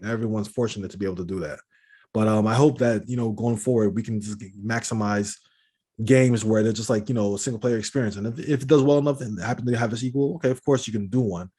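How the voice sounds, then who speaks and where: A man co-hosting a podcast chats casually with a lowish, slightly mellow voice that has a breathy edge. He rambles, restarting often and leaning on fillers.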